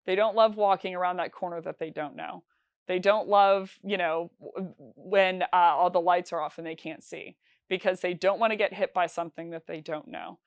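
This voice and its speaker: A woman's voice: lowish voice, steady tone, moderate pace, dry recording. A woman teaching sales calls in a conversational, instructional talk, with frequent fillers and restarts. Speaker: sales trainer.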